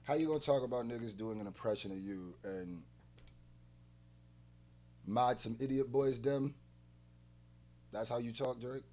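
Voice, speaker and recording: A man's voice: mid-range voice, measured pace, pauses often, slight background noise. A man hosting a music reaction video, ranting hard with heavy profanity. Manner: heated, profane ranting, often loud. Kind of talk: reaction commentary.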